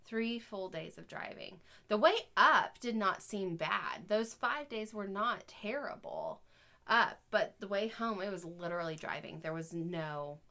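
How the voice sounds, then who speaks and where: Chatty woman with a bright voice. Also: mid-range voice, animated, measured pace. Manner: chatty, laughs often, openly emotional. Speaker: podcast co-host. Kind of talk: casual chat.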